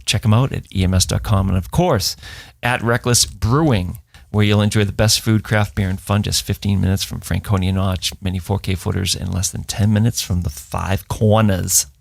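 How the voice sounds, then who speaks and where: Casting: New man, podcast co-host, low gravelly voice, dry close mic, jokey. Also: steady tone, moderate pace, few pauses, no room sound. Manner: jokey, reads sponsor spots. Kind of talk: casual podcast chat.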